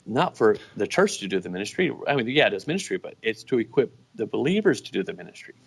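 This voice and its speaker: A man, a guest business owner, telling stories in a relaxed, casual way with many restarts. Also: on the low side, quick pace, creaky, husky. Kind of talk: casual storytelling.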